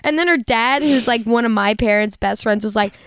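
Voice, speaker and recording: A young woman with a high, smooth and resonant voice, co-hosting a podcast and spinning stories in a lively, casual way, swearing and laughing as she goes. The sound is dry and close, with no room to it. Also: fairly quick, no echo. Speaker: podcast co-host. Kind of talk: casual chat.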